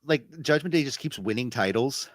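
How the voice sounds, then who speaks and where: A man's voice: mid-range voice, animated, brisk, dry recording. A man co-hosting a wrestling podcast, telling stories in a loose, rambling way with lots of fillers and restarts. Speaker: podcast co-host. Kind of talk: casual wrestling recap chat.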